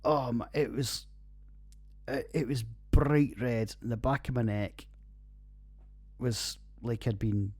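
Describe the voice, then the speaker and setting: A Scottish man in his forties talks through a casual podcast review, rambling and swearing freely and laughing at his own jokes. His voice sits at a middle pitch. It is recorded dry and close on a home computer. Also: slow pace, long pauses, a little mellow, no echo. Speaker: podcast host. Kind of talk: casual beer review monologue.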